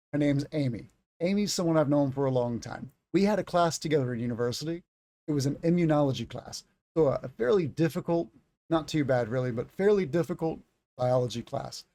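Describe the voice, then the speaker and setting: A man's voice: a little high, a little mellow. Chatty man teaching English vocabulary. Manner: chatty, explains words with personal stories. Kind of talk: livestreamed vocabulary lesson.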